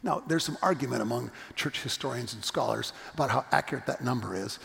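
Man preaching, gravelly voice, long church-hall reverb, earnest storytelling. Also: medium pitch, fast, fairly bright tone. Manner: storytelling, earnest, emphatic refrains. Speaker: pastor. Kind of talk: sermon. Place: church sanctuary.

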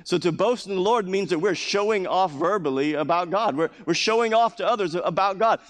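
A pastor preaching a sermon with emphatic delivery, repeating key phrases and acting out scripture quotes. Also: male voice, sits high, fairly quick, hardly any pauses. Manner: acts out scripture quotes in a raised voice. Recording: long hall reverb.

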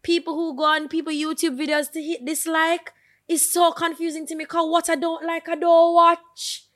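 A woman's voice: very high-pitched, moderate pace. A woman co-hosting a podcast, chatting and laughing while she acts out the voices of people in her stories. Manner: lively and laughing, drops into quoted voices. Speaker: podcast co-host. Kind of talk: casual chat.

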